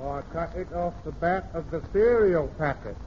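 A man plays a gormless young son who sounds dim and slow on the uptake, in a slightly raised voice. It comes through a dull, lo-fi vintage radio recording with a faint hiss. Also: fairly high pitch, darkish tone, natural voice. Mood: dopey. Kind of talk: vintage radio sitcom acting.

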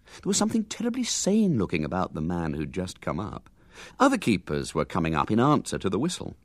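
A man reading a children's story aloud with lively, animated narration. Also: sits low, a little fast, no room sound.

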